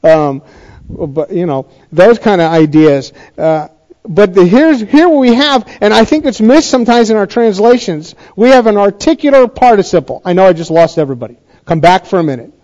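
A man's voice: sits high, animated, moderate pace, darkish tone, muffled recording. A male pastor giving a sermon in a chatty, conversational way, often restarting his sentences.

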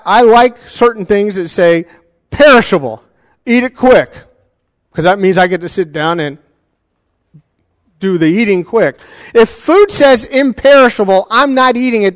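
A man preaching a sermon as a pastor, animated and conversational, with joking asides to the congregation. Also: high voice, dry recording, clean studio sound, long reverb tail.

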